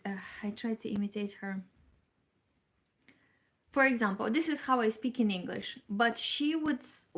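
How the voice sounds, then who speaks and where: A woman from Moldova hosting a knitting livestream in a fairly high voice. She chats with viewers at an easy, slow pace, thinking aloud with fillers and soft laughs. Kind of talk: casual livestream chat, reading viewer comments.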